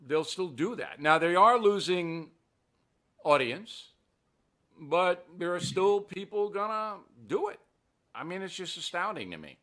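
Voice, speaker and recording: Older male host, bright and animated, blunt and mocking delivery. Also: sits high, measured pace. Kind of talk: political commentary show.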